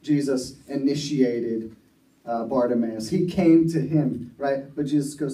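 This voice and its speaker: A man's voice: mid-range voice, fairly even intonation, measured pace, dark tone. Earnest man preaching in an echoey room. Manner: earnest storytelling with many restarts. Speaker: recovery ministry speaker. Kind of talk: sermon. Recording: echoey room, mic far off.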